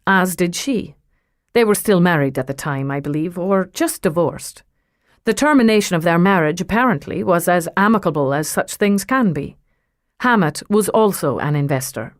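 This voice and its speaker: A woman's voice: on the low side, no room sound, studio quality, natural voice. A woman reading suave teasing man, Irish lilt. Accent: faint Irish lilt. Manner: smooth, amused, unhurried. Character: suave wealthy man, teasing and self-assured. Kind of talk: audiobook character reading.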